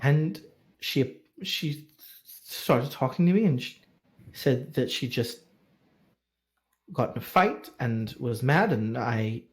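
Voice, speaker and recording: A man running a tabletop role-playing game, narrating in a casual, halting way with quick asides. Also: medium pitch, lively intonation. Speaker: game master.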